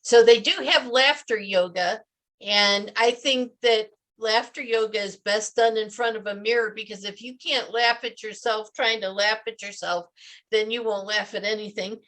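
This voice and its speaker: A woman's voice: medium pitch, steady tone, normal speed, fairly bright tone. A woman speaking as a guest on a radio interview, telling stories in an upbeat, chatty way.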